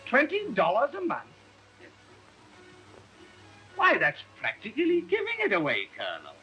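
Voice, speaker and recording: A man's voice: extremely high pitch, wildly swooping pitch, normal speed, pushed and bright, soft background music, full character voice. A man playing a fussy, genteel upper-class lord in a 1930s film comedy, prone to fluttery exclamations.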